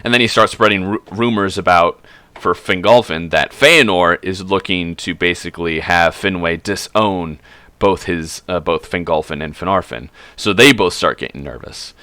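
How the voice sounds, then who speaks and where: Low-voiced man rambling through a tale. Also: moderate pace, bright, forceful tone, dry recording. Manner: rambling, swearing, self-correcting. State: drinking. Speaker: streamer. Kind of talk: casual retelling of a fantasy book.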